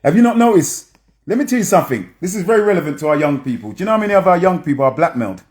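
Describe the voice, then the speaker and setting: A man with a fairly high voice talks his audience through film scenes. His delivery is emphatic, almost preacher-like, and he keeps checking in with his listeners. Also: animated, rapid-fire. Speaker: film commentator.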